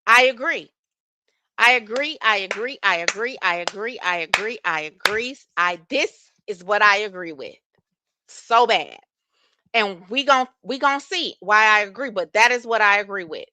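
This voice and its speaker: A woman host reading messages aloud and reacting to them, talking in an animated, exclaiming way. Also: medium pitch, no room sound. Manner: animated, exclaiming, reads aloud in a quick flat run.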